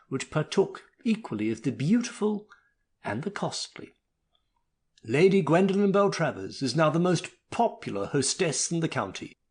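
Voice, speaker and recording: Husky, animated male storyteller. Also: fairly high pitch. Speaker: narrator. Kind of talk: scripted narration of a story.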